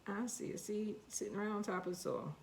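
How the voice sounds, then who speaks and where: A woman's voice: mid-range voice, steady tone, a little fast, a little mellow, slight background noise. A woman with a New York accent, chatting to herself and her seeds while planting them in a casual gardening vlog. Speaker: gardening vlogger.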